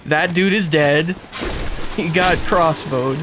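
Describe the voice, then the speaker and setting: A man's voice: a little high, slow, music in the background. A young man giving laid-back, joking commentary while streaming a game, often breaking into laughs. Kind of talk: casual gameplay commentary.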